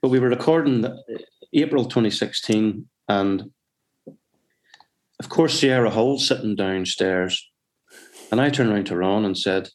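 A man's voice: fairly low pitch, measured pace, long pauses. A man from Northern Ireland with a Northern Irish accent, a musician telling stories in a casual, rambling way with many restarts. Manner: rambling, with frequent restarts and self-corrections. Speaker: musician guest. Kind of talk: casual anecdotal chat.

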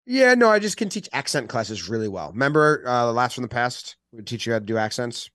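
A man's voice: medium pitch, very animated, quick pace, fairly bright tone, no room sound. Joking man on a dry podcast mic. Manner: jokey, mock accents for laughs. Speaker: podcast co-host. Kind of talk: casual sports podcast banter.

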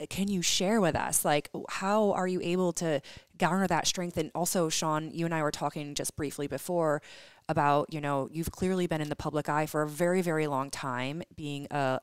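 A woman's voice: low voice, steady tone, normal speed, clean tone, dry recording. A woman interviewing a couple on a podcast, emotional and rambling with many fillers. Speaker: podcast host interviewing guests. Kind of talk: conversational interview.

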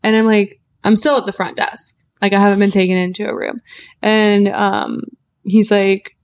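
A woman in her twenties, a podcast co-host, telling a story in casual chat, animated and acting out quotes, swearing freely. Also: medium pitch, normal speed, smooth.

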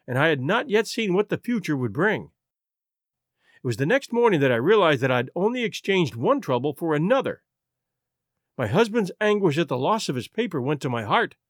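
A man narrates this audiobook passage, in which a troubled young wife earnestly pours out her confession in halting speech with wide pitch swings. His delivery is slightly high for a man, and the recording is close and dry, without room sound.

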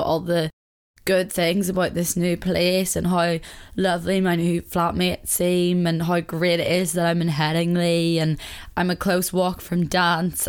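A young woman in her twenties talks through her thoughts on her own podcast, slightly low-pitched and unguarded. She rambles openly, peppering her sentences with "like" as she thinks aloud in a confessional, chatty flow. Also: smooth. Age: 20s. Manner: rambling and chatty, heavy use of "like"; open and confessional. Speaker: podcast host. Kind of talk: candid casual monologue.

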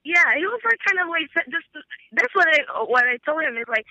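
Very high-pitched and sing-song, a brisk Brazilian woman in her 20s phones in casually to tell about a fight, cursing in heated bursts and acting out what people said. The recording is dry, over a bright, thin phone line.

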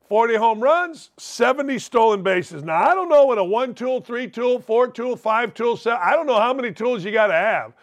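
Male sports talk host, high pitch, brash rambling monologue. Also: lively intonation, moderate pace, few pauses. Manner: brash, rambling, punchy asides.

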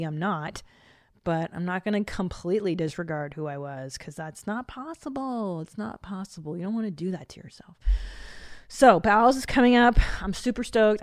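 A woman in her forties hosting a podcast in casual chat, blunt and profane with an animated delivery. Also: lowish voice, no echo, clean studio sound. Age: 40s. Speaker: podcast host.

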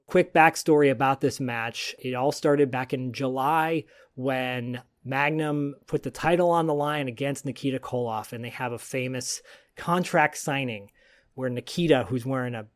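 A man's voice: medium pitch, normal speed. A man hosting a podcast, telling a story in a rambling, digressive casual chat. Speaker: podcast host.

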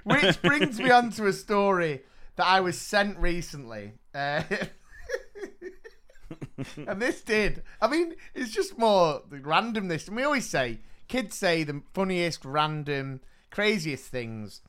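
Man, casual podcast chat, lively pitch, bright tone. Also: takes it slowly. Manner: animated, mimics kids in voices. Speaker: podcast co-host. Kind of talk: casual chat, reading listener stories.

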